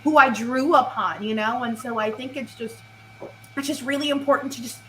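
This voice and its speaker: Woman improviser, bright and slightly high, filler-heavy then bossy; faint background noise. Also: fairly quick, rough recording. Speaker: improv performer. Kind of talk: improv comedy scene.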